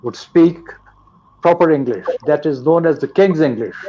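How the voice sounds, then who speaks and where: An older man from Pakistan teaching English in a live online session, in a deliberate, lecturing way. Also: a little high, highs cut off, background noise. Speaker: guest teacher.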